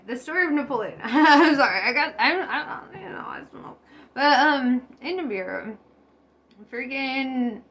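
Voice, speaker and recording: A woman's voice: on the high side, fairly bright tone. A woman vlogging in a rambling, casual monologue, giggling often, swearing and losing her train of thought. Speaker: spiritual vlogger.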